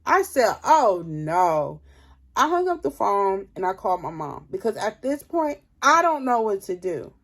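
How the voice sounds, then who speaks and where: A young woman telling a storytime tale in casual chat, drained and low on energy, leaning on 'like' as she talks. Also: very animated, normal speed, hardly any pauses, a bit bright. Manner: chatty, leans heavily on 'like'. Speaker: vlogger.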